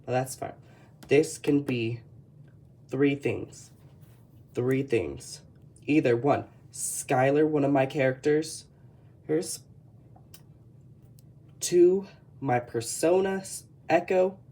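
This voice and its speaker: Texan accent, mellow dark tone, chatty, rambling, self-correcting, casual art commentary. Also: medium pitch, takes it slowly, pauses often. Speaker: artist showing a sketchbook.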